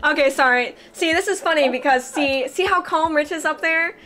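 A woman hosting a casual podcast on her live stream, excitable and loud, laughing and shrieking often. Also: high voice, moderate pace.

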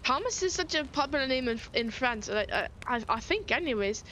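A woman's voice: sits high, animated, fairly quick, noisy background. An Irish woman streaming a game, chatting casually, swearing freely and often restarting her sentences. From Ireland.

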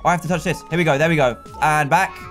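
A man commentating a video game as he plays, excitable and laughing, talking to himself as the game unfolds. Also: on the high side, very fast, faint music behind. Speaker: gaming YouTuber. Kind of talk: let's play commentary.

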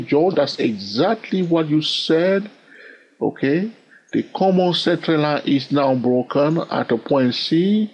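A man with a French-influenced accent, teaching a trading lesson in an animated way and often checking in with "all right?". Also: medium pitch, slightly rough. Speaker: trading instructor. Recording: dull lo-fi recording.

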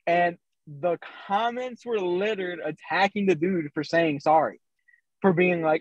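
A man's voice: high voice, normal speed, dry recording. A man co-hosting a podcast, telling a story in casual chat with many ums and acted quotes. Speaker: podcast co-host. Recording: dry, slightly dull sound.

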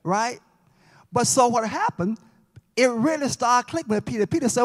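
A man's voice: extremely high pitch, moderate pace, long pauses. A man teaching a Bible lesson in church, folksy, joking with and quizzing the class. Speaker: Sabbath school teacher. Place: church sanctuary. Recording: long church reverb.

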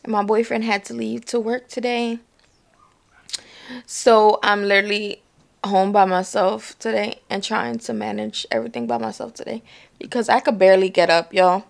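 A woman's voice: mid-range voice, steady tone, moderate pace, vocal fry. A young woman vlogging to camera from home, talking casually in slang and swearing bluntly, worn out and in pain after surgery.

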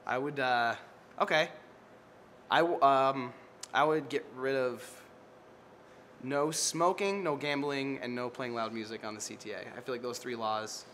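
A man's voice: mid-range voice, unhurried, a bit bright, slight background noise. A man, a comedian, chatting casually as a guest, rambling and laughing at his own jokes.

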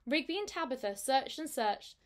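A woman teacher reading a storybook aloud to her class in a gentle, unhurried way. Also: high voice, lively intonation.

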